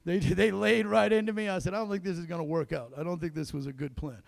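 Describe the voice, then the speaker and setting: A man doing a stand-up comedy set on a club stage, telling a story that swings between loud bursts and low muttered asides. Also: fairly even intonation, fast, gravelly, dry recording.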